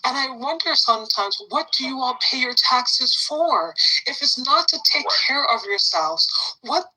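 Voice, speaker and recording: A woman's voice: sits high, animated, normal speed, sharp tone, husky, low-quality recording. A woman from Canada talking politics in a blunt, outspoken way, swearing freely in casual chat.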